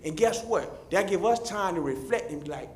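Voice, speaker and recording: Fervent high-voiced man. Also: lively intonation, normal speed, a little mellow. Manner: fervent, repetitive, addresses officials directly. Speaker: public commenter. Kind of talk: impassioned public comment. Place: city meeting chamber. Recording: roomy echoey chamber.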